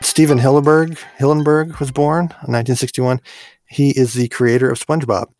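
A man's voice: medium pitch, little pitch movement, fairly quick, music in the background. A middle-aged man co-hosting a casual chat, telling odd history footnotes and laughing often. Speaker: podcast co-host.

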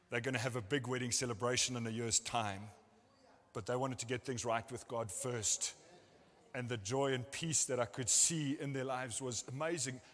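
Bright-voiced man preaching in a reverberant hall. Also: mid-range voice. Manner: earnest storytelling, acting out what people said. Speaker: pastor. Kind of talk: sermon. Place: church service.

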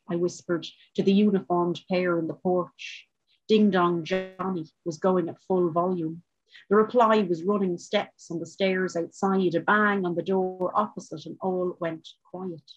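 A woman reading her short story aloud at a book launch, in a measured, wry manner, on a dull, muffled recording. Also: fairly low pitch, fairly even intonation, breathy edge. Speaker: author reading.

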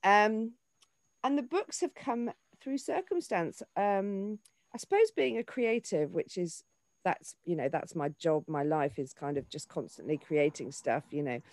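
Woman in her forties, lowish voice, dry close sound, animated, restarts sentences. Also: measured pace, no echo. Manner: animated, with frequent restarts and fillers. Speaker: actor and children's author. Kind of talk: casual interview talk.

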